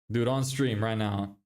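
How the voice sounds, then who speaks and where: A man's voice: fairly low pitch, a little mellow. A young man chatting casually on a livestream, reading viewer messages, swearing and laughing often. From Ireland. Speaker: livestreamer and agency owner.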